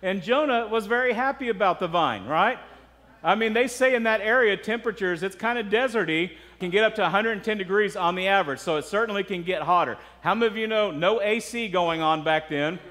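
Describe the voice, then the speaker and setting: A man's voice: sits high, brisk, a bit bright. A man preaching a sermon as pastor, talking conversationally and putting rhetorical questions to the congregation. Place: church sanctuary. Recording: long reverb of a church hall.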